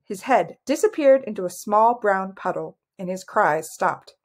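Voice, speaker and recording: A woman narrating a fantasy novel as an audiobook reader, in an even, measured way. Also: medium pitch.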